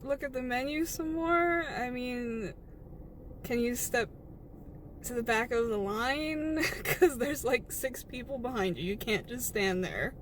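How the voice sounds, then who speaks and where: A woman's voice: a little high, slight background noise, close to an everyday voice. A woman playing a frazzled young sandwich shop worker in a comedy skit, exasperated and incredulous. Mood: impatient. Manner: exasperated, incredulous, talks fast when upset.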